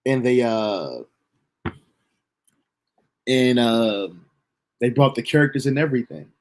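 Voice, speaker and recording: A young man telling a story from his own life in a casual, animated, profane way. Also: mid-range voice, slow pace. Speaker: storyteller streamer.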